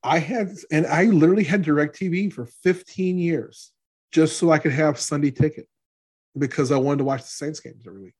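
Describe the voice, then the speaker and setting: A man's voice: a little high, moderate pace, a little mellow, slightly rough. A middle-aged man co-hosting a casual sports podcast, chatty and joking, often trailing off and restarting. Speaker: podcast co-host.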